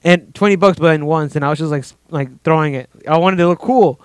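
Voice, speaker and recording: Guest storyteller, male, higher register, crisp tone; profane, rambling delivery. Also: fast talker, no room sound. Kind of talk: casual podcast chat.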